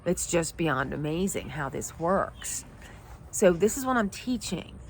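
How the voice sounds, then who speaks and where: A woman's voice: on the low side, big pitch swings, measured pace, creaky, slight background noise. A middle-aged woman, a life coach, telling a personal story in an emotional, heartfelt way. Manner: emotional, heartfelt, teary at times.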